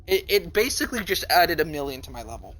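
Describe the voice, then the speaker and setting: Bright-voiced animated male streamer. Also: fast. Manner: animated, swearing, breaks into high panicked cries. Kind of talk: reading a story aloud and reacting.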